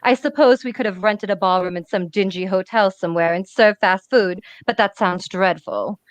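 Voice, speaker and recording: A woman's voice: medium pitch, normal speed, no room sound, close to an everyday voice. A snooty, icy society hostess, read aloud by a woman from a comic book, cool, clipped and condescending. The sound is dry and close on a webcam, with a mid-range voice. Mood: haughty. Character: haughty snooty rich woman, icy host.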